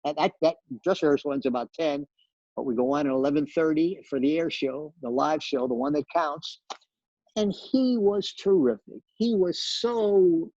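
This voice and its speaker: A man's voice: fairly high pitch, darkish tone, no room sound, muffled recording. An older man, a television director, telling behind-the-scenes stories in an interview, full of restarts and repeated words. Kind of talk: storytelling interview.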